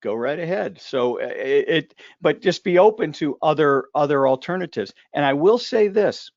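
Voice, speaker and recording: A man's voice: a little high, animated, normal speed, a little mellow, no echo, highs cut off. A man hosting a casual live discussion, talking in a joking, rambling way full of asides and restarts. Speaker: host.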